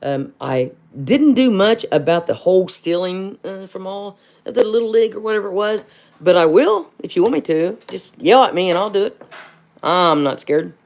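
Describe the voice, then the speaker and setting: A woman's voice: mid-range voice, lively intonation, normal speed, darkish tone. Chatty woman on a livestream. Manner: chatty, rambling, calls viewers honey; fired-up, rhetorical questions. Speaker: livestream host. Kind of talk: casual livestream talk.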